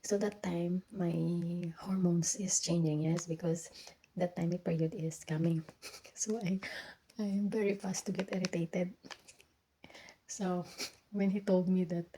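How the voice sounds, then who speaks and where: Young woman, Filipino accent, casual vlog storytelling, mellow lowish voice, faint hiss behind. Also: fairly even intonation, low-quality recording. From Philippines. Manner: halting, many restarts and fillers, drifts into whispers. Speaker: vlogger.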